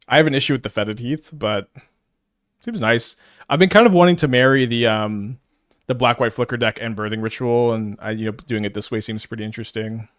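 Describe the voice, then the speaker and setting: A man's voice: mid-range voice, fairly quick, fairly bright tone, no echo, studio quality. A man giving casual live commentary while playing a card game, stuttering and restarting often as he thinks aloud. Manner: stutters, many restarts and fillers.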